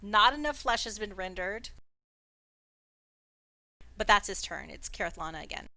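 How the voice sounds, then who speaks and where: A woman's voice: mid-range voice, expressive, moderate pace, gravelly, bright, forceful tone, dry recording. A woman narrating as dungeon master in a casual way, with playful sound effects and fillers, over an online voice call. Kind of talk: narrating a tabletop game.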